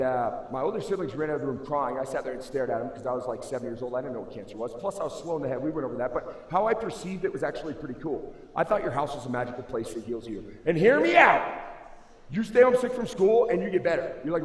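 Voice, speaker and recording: Young male motivational speaker, slightly high voice, slangy and emphatic, booming reverb of a big hall. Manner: casual and slangy, calls listeners bro and dude; emphatic, swings between loud and hushed. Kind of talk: motivational school assembly speech. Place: large school assembly hall. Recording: echoey hall, long reverb.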